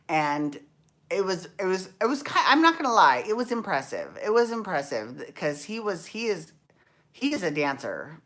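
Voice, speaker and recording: On her podcast, a woman with a low, slightly bright voice recaps dance shows in casual conversation. She rambles and chats, restarting often and now and then letting a swear slip.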